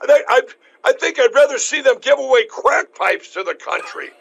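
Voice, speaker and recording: A man hosting a talk show, talking in a rambling, emphatic way with many restarts, his voice going hoarse. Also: extremely high pitch, animated, normal speed, a bit bright, poor audio. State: losing his voice. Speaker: show host. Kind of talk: casual talk show chat.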